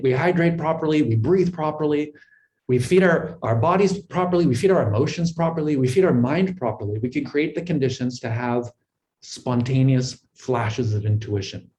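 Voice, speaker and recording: A man's voice: mid-range voice, a little mellow, a little hiss or hum, low-quality recording. A middle-aged man, a guest in an interview, telling his life story in an earnest, reflective way, often repeating words as he thinks. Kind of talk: conversational storytelling.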